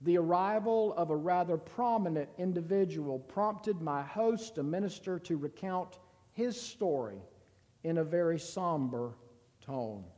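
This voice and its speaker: A man reading a story aloud in a slow, deliberate and somber way, with a long reverb. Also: high voice, darkish tone.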